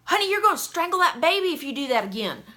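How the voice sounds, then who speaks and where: A woman's voice: extremely high pitch, very animated, quick pace, bright, forceful tone, voice pushed up, full character voice. A woman voicing a superstitious older country woman who scolds in an alarmed way.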